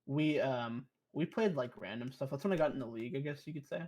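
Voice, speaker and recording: A man's voice: mid-range voice, fast talker, a crowd in the background. A young man, a podcast guest, telling rambling stories in casual, profane chat. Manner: profane, rambling, animated storyteller.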